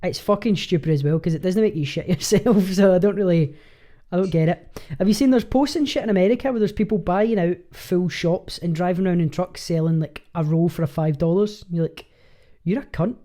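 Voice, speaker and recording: A man's voice: sits high, a little fast, mellow. A man co-hosting a podcast in casual chat, joking and swearing as he banters. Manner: jokey, profane, banters. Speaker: podcast co-host.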